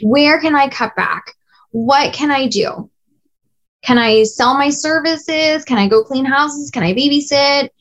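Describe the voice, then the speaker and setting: A woman in her thirties coaching small business owners in a casual, lively way, blunt and swearing now and then. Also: sits high, unhurried, muffled recording.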